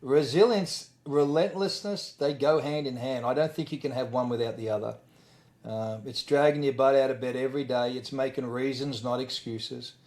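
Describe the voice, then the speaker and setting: A man's voice: medium pitch, normal speed, a little mellow. Blunt, easygoing Australian man. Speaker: podcast guest. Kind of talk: casual chat.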